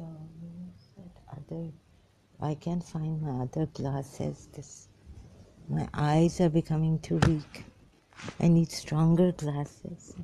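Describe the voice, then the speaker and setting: Slow, dark-voiced woman commenting on religion. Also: low-pitched, slight background noise. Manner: rambling, with many fillers and restarts; reads verses aloud and comments on them. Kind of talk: informal religious talk.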